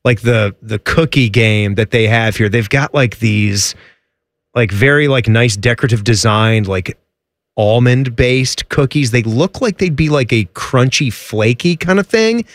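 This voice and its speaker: A radio talk show co-host with a mid-range voice describes things eagerly and enthusiastically, rambling and using plenty of fillers. He keeps a measured pace in this casual banter, and the recording is dry.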